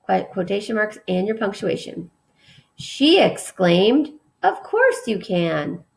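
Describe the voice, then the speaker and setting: A woman's voice: mid-range voice, gravelly. A woman teacher giving a remote lesson, reading example sentences aloud with emphasis.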